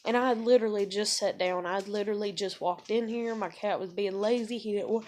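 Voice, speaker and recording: Thirty-something woman ranting at home, rambly and cussing a lot, mid pitch. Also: fairly quick, few pauses, a little hiss or hum. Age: 30s. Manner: rambling, profane, frustrated. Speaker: vlogger. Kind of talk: casual venting monologue. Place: room at home.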